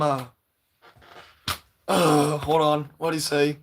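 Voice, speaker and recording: Excitable young-sounding man chatting on a livestream. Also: on the high side, slow, pauses often. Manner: excitable, rambling, fidgety. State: voice slightly hoarse, recovering. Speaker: livestream host reading chat. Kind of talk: casual livestream chat.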